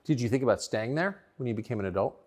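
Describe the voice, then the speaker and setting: A male interviewer fires off short questions at a quick clip. His pitch moves around a lot, which gives his speech an animated, lively lilt, while his voice itself stays mid-range.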